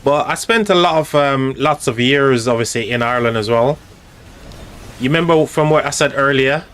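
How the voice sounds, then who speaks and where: A man's voice: medium pitch, moderate pace, fairly bright tone, smooth. A man hosting a casual live stream, chatting loosely with viewers and commenting on a strategy game, with lots of fillers and restarts. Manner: chatty, rambling, talks directly to chat with many fillers.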